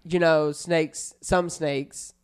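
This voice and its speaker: A man's voice: on the high side, little pitch movement, drawn-out words, clear, resonant tone. A man telling a rambling childhood story in casual podcast chat, swearing and laughing often. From United States. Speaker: podcast co-host.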